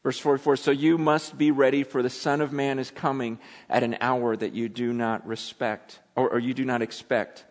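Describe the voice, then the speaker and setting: A man preaching a sermon, acting out quotes with dramatic swings between loud and hushed delivery. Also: medium pitch, little pitch movement, moderate pace, hardly any pauses. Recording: long hall reverb.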